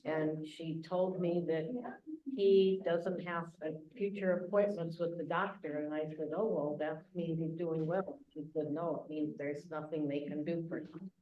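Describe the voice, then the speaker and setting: A person leading a group meeting, speaking in a soft, halting way. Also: medium pitch, fairly even intonation, a little hiss or hum. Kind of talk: casual meeting talk. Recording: echoey, muffled room mic.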